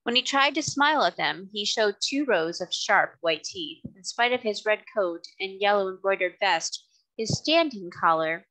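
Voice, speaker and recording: A woman narrating a children's novel chapter in a clear, expressive reading. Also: mid-range voice, low-quality recording. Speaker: reader. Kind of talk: storybook narration.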